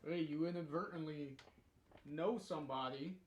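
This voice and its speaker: A man's voice: on the high side, moderate pace, echoey room. A man casually chatting about the story being read, rambling and hesitant with lots of fillers and chuckles. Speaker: co-host commenting on the story. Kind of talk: casual commentary.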